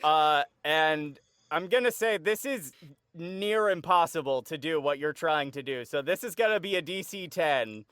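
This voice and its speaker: A male game master narrating a tabletop game, slow and hesitant, with many fillers. His voice is bright and clear, and it rises and falls a lot. The sound is dry and close. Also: on the high side, no echo.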